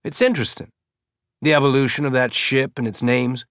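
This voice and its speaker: A man's voice: medium pitch, fairly even intonation, fairly quick, a bit bright, no echo, clean studio sound, close to an everyday voice. A man voicing a talkative male ship's pilot who explains things at length. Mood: musing.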